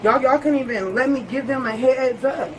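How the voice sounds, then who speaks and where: A woman's voice: sits high, moderate pace, a little hiss or hum, rough recording. A woman detained at a gas station, crying and arguing insistently with a police officer. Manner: upset, argumentative, insistent. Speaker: detained customer.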